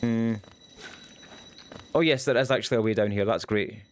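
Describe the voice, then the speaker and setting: A young man chatting casually while streaming a game, goofy and quick, with lots of ums. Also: medium pitch, slight background noise. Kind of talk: casual livestream chat while gaming.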